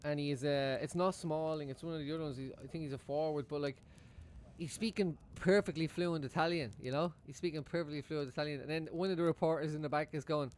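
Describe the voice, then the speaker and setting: A fairly high-voiced man chatting on a live stream about football. He rambles and swears freely, breaking into chuckles as he goes. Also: fast. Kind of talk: casual live-stream chat.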